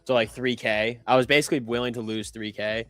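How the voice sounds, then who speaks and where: Young male trader, casual rambling delivery, clear low-leaning voice, light music bed. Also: little pitch movement, fairly quick, fairly bright tone, dry recording. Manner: loose, rambling, lots of "like" fillers and self-corrections. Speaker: trader on a live trading stream. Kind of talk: casual chat.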